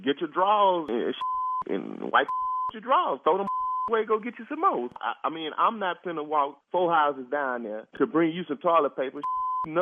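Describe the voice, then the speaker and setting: A man's voice: a little high, big pitch swings, moderate pace, no echo. A man taking a prank phone call, exasperated and often breaking into laughter. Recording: tinny phone line.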